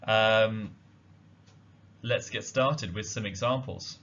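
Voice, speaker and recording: Slow, careful man teaching a language. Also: on the low side, fairly bright tone, slight background noise. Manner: slow, careful explanation with frequent ums. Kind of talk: slide-based language lesson. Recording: dull lo-fi audio.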